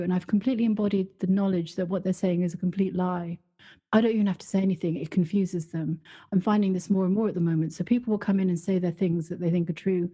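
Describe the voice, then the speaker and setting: A woman with a fairly low, warm voice co-hosts a podcast, trading stories in a casual, reflective conversation. She laughs often as she reminisces.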